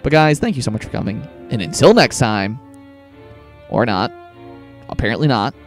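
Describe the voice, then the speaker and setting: Man, let's play commentary, chatty, excitable, faint game music behind. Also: medium pitch, normal speed. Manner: chatty, excitable, talks to viewers. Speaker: gaming channel host.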